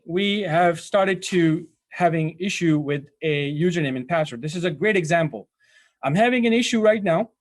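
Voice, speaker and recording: A man teaching a live IT training session, talking casually to his students, often rambling and correcting himself mid-sentence. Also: a little high. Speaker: IT instructor. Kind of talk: live software training walkthrough.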